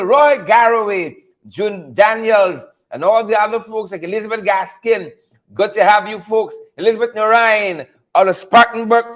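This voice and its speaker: A male podcast host greeting viewers by name on a live stream, energetic and hype. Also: sits high.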